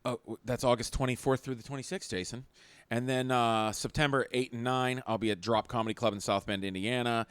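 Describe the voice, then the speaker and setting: A man's voice: mid-range voice, fairly quick, smooth, dry recording. A middle-aged man co-hosting a podcast, a stand-up comic chatting casually and joking around. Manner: animated, joking, puts on silly voices. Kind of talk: casual chat.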